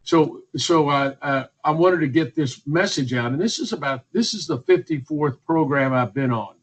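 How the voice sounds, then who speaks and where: A man's voice: on the high side, animated, moderate pace, slightly rough, rough recording. A man, speaking as a physician guest in a radio interview, emphatic and repetitive, listing points one by one. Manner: emphatic, repetitive, list-making.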